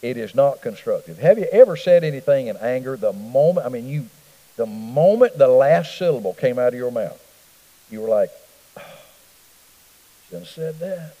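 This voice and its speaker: A man's voice: medium pitch, animated, normal speed, long reverb tail, muffled recording. A middle-aged man teaching a church Bible study in a folksy, conversational way, often asking the room questions. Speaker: pastor. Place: church hall.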